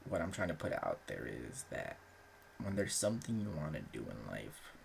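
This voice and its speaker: A man's voice: a bass voice, very animated, moderate pace, gravelly, a little hiss or hum. A young man talking in a loose, rambling way as host of his own channel, full of filler words and casual swearing. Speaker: aspiring author and channel host. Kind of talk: casual chat.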